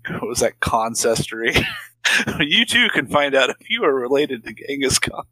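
A man's voice: medium pitch, very animated, normal speed, bright, forceful tone, dry recording, rough recording. A man co-hosting a podcast, making wry jokey asides and laughing often while discussing a film. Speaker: podcast co-host. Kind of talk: casual movie-recap chat.

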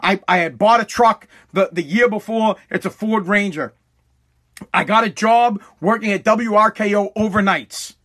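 Profane high-voiced man. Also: normal speed. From Massachusetts. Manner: blunt, profane, animated storytelling with restarts. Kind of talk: casual storytelling monologue.

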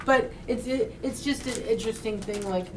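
A woman's voice: on the high side, normal speed, roomy sound, distant mic, slight background noise, poor audio. Earnest woman guest, set back from the mic. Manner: earnest, storytelling. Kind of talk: casual political chat.

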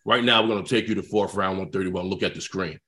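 A man imitating an older male football coach, talking in a slow, quiet, commanding way. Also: deep voice, voice pushed down. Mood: calm.

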